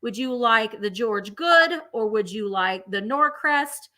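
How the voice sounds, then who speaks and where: Slow yet animated, a woman presents items on a live vintage-selling stream, gushing and chatting eagerly about each one. Her voice is a little high, pushed, and bright.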